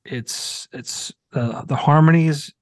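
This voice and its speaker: A man's voice: a little high, takes it slowly, no echo. A man hosting a podcast, encouraging his guest and often restarting his sentences. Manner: hesitant, many restarts, encouraging. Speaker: podcast host. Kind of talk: casual podcast interview.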